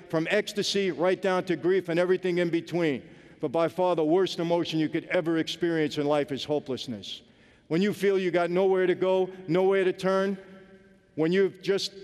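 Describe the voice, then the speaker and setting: A man's voice: high voice, a little mellow, smooth. A man giving an earnest personal testimony, speaking emphatically and directly to his audience. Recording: long reverb of a large hall.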